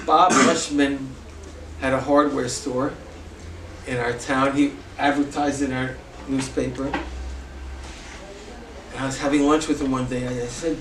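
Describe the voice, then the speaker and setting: A man in his seventies telling a personal story to an audience, animated and halting, moving between loud bursts and hushed asides. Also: medium pitch, noisy background. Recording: echoey room, distant mic, faint ambience.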